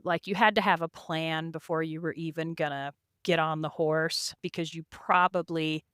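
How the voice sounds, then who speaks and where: A woman with a lowish, smooth voice guests on a podcast as an endurance race rider, telling casual stories about her rides, laughing, and saying "like" and "you know" constantly. The studio-quality audio has no echo.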